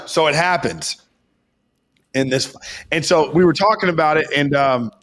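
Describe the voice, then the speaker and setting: Hoarse young dude on a podcast, kinda high voice, rambling and swearing a lot. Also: male voice, measured pace. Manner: excitable, rambling, heavy swearing. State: hoarse, voice worn from shouting. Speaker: podcast co-host. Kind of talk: casual storytelling chat.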